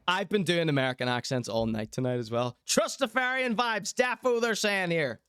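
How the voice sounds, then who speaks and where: A man's voice: a little high, lively intonation, a little fast, fairly bright tone, smooth, no echo, studio quality. A man hosting a livestream, reacting to clips and reading chat with jokey, self-mocking banter. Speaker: show host.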